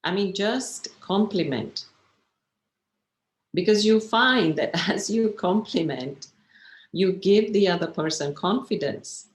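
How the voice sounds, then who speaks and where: A woman's voice: mid-range voice, lively intonation, takes it slowly. Woman meditation teacher, encouraging and chatty, talking over a video call from a roomy, echoey space. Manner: chatty and encouraging, often checking in with listeners. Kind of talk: online workshop talk.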